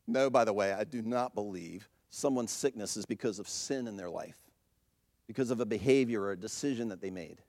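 A man preaching a sermon, animated and conversational, acting out the lines he quotes. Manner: animated, acts out quoted voices with rising pitch. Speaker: pastor.

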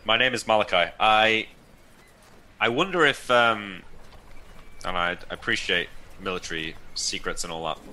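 Deep-voiced man playing a tabletop game. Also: moderate pace, pauses often, bright, forceful tone, a little hiss or hum. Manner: earnest, hesitant with fillers. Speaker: player. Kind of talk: tabletop role-play.

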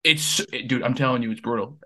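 Bright, joking man on a podcast. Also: mid-range voice, quick pace. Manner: laughs often, joking and emphatic. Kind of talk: casual podcast chat.

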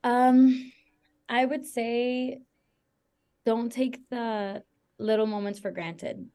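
A woman's voice: fairly high pitch, steady tone, drawn-out words, mellow. A young woman singer from Venezuela, a podcast guest giving advice in an earnest, reflective, rambling way with lots of "like". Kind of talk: casual interview chat.

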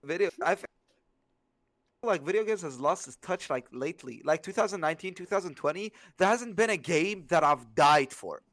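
A young man co-hosting a casual podcast, with a voice sitting a bit high. He rambles and restarts, padding his sentences with filler, and the sound is dry and close with no room around it. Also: animated, normal speed, a bit bright, no room sound. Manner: rambling, hesitant, lots of "like". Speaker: podcast co-host. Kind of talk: casual chat.

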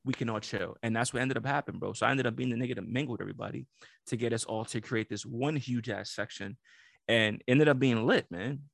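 A man co-hosting a casual podcast, telling an animated story and acting out the quotes, swearing freely. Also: medium pitch, fast, gravelly, dry recording, clean studio sound. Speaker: podcast co-host.

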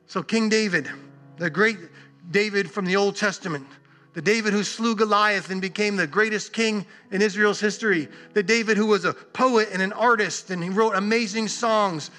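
A man preaching a sermon earnestly, leaning on repeated words and long pauses. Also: high-pitched, bright, forceful tone, faint music behind. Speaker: pastor.

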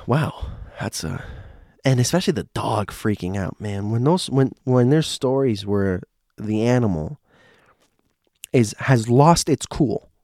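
An American man hosts a relaxed show, reading eerie listener stories aloud at an unhurried pace. He drifts into chatty asides and corrects himself as he goes, then lowers his voice for the tense moments. The recording is dry and close, with no room sound. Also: dry recording. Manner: chatty, digressive, self-correcting, drops to a hush for eerie parts. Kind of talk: casual commentary and story reading.

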